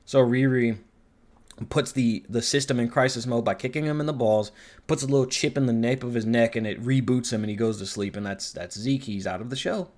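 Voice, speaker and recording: A man reviewing a show in casual commentary, rambling and swearing freely, with animated swings in his voice. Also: mid-range voice, a little fast.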